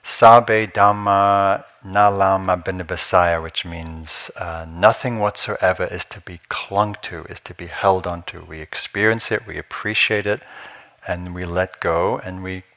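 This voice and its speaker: A man teaching meditation at a retreat, telling stories with easy humor and soft chuckles in a meditation hall. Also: sits low, fairly even intonation, unhurried. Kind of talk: dharma talk at a retreat.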